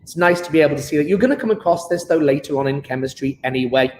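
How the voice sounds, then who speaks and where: A high-pitched man teaches chemistry in a live online lesson, chatty and slowing down to repeat key terms for notes. The room sounds echoey, with a long reverb tail and faint ambient noise behind him. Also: darkish tone. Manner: chatty, repeats key words slowly for note-taking.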